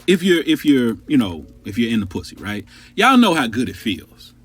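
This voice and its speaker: Podcast guy telling a story, husky, super animated, cusses a lot, faint music behind. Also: medium pitch, moderate pace. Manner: animated, profane, conversational. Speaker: podcast host.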